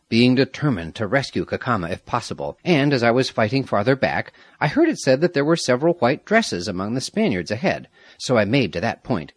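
A man reading the part of a loyal young Aztec noble, steady and commanding, with a husky voice. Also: medium pitch, no echo. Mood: recounting.

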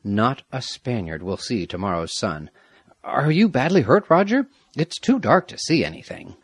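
A man reading the part of a loyal young Aztec noble, steady and commanding, with a husky voice. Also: medium pitch, normal speed, no room sound, studio quality.

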